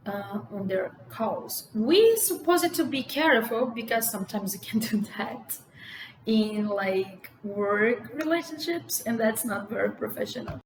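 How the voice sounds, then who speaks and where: A young Brazilian woman vlogs casually to camera in English, her Brazilian Portuguese accent clear and her speech peppered with "like" and "you know." Her mid-range voice is gravelly. The room is echoey, with faint ambient noise.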